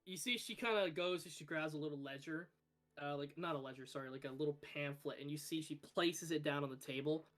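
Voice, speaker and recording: Guy running a dnd game, bright voice, lots of uhs and likes. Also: fairly high pitch, a little fast, faint music behind. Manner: relaxed, hesitant narration with fillers. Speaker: game master. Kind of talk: narrating a tabletop game.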